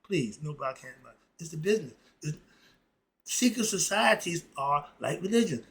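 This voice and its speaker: A man's voice: fairly high pitch, animated, moderate pace, a bit bright. A middle-aged man in a casual, blunt and preachy monologue, full of slang. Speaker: philosophy vlogger.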